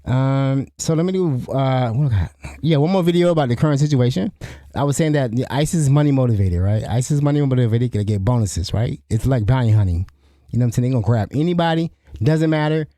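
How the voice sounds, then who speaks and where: Solo podcast host, middle-aged man, very mellow tone, rambling conversational delivery. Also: medium pitch, quick pace, no echo, clean studio sound. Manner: rambling, restarts often, asks "you know what I'm saying?". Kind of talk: solo commentary.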